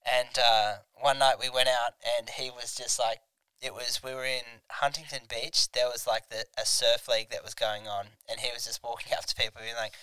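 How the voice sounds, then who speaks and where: A man's voice: medium pitch, flat delivery, moderate pace, pushed and bright, smooth, dry recording. A young Australian man hosting a casual comedy podcast, rambling and crude as he tells stories. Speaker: podcast host.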